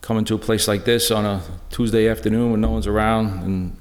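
A middle-aged man giving a personal testimony talk in a church, halting and earnest, full of restarts. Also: fairly low pitch, steady tone. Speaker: lay speaker sharing a personal witness. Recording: echoey church hall.

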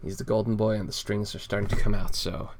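Over some background noise, a podcast co-host with a fairly low voice talks fast and flat while reviewing a comic. He keeps it rambling and laid-back, swearing and laughing often as he goes through it.

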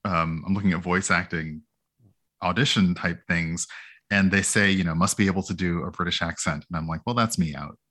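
A man with a very low yet bright, forceful voice talks in a loose, rambling way. He sounds self-deprecating as a guest on a casual gaming podcast, and he picks up energy when something amuses him. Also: a little fast. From United States. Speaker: guest streamer.

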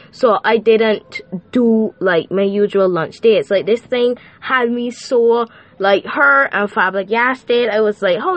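A woman's voice: medium pitch, highs cut off. Young woman vlogger, casual faith talk, slangy and chatty, says like a lot. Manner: chatty, slangy, many fillers. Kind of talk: casual faith vlog monologue.

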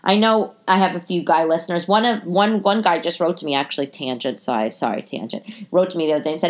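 A woman's voice: fairly low pitch, fast talker, hardly any pauses. A woman hosting a casual chat podcast from her apartment, rambling through tangents with a stuffy nose. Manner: chatty, rambling, goes off on tangents. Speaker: podcast host.

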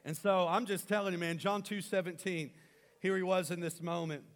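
Animated preacher with a twang. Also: male voice, high voice, normal speed. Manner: animated, swings from loud rallying to quiet. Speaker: pastor. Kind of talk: sermon.

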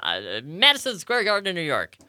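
A man's voice: high-pitched, huge pitch swings, fairly quick, pushed and bright, clean tone, no echo, exaggerated voice. A man on a radio show putting on a male wrestling ring announcer with a formal, hyped delivery. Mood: announcing. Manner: announcer-style build-up. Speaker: co-host.

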